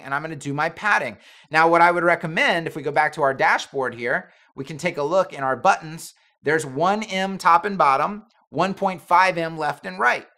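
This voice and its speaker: A man's voice: a little high, bright, forceful tone. A man talking casually through a screen-recorded web design tutorial, thinking aloud with the odd filler as he works.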